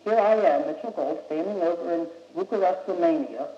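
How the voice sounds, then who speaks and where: A man's voice: sits high, a little fast. A young man from the United States giving an impassioned, blunt, streetwise speech to a young audience, pressing his points insistently. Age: young adult. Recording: old muffled recording in an echoey room.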